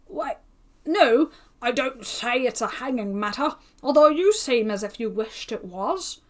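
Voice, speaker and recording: A pompous male tailor who gossips in a chatty, exclaiming way, as a woman reader puts him on. His voice is fairly high and bounces about with lively pitch. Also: a little slow. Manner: chatty, self-important, exclaiming.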